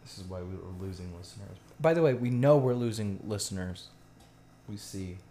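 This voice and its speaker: Deep-voiced young man, dry teasing co-host. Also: animated, normal speed, mellow, roomy sound. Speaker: podcast co-host. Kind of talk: casual chat. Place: indoors, TV on nearby.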